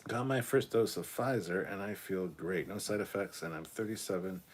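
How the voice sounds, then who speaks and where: A Canadian man in his thirties hosts a live stream casually, his voice sitting low at a moderate pace. He reads viewer comments aloud, reacting with laughs and swearing.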